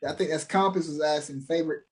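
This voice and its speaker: A man's voice: fairly high pitch, fairly even intonation, fast talker. A man co-hosting a podcast in casual chat, rambling and self-deprecating, often trailing off mid-thought. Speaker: podcast co-host.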